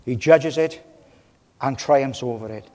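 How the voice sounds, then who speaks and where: A man's voice: medium pitch, measured pace, dark tone. Male preacher, from Wales, passionate sermon delivery with big dynamic swings, recorded in a reverberant hall. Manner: impassioned, swelling and dropping in volume. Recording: long reverb of a large hall.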